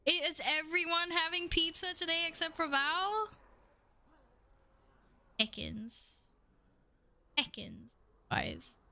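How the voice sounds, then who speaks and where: A woman's voice: very high-pitched, takes it slowly, creaky, pauses often, pushed and bright. A young woman streaming a game, chatting casually with her viewers, playful, swearing freely and laughing often. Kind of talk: casual live-stream chat.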